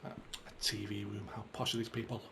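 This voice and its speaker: A man talks through a game in a chatty, self-mocking way, his voice sitting low. The recording has a faint background hiss. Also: flat delivery, brisk, vocal fry. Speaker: gaming channel host. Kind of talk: let's play commentary.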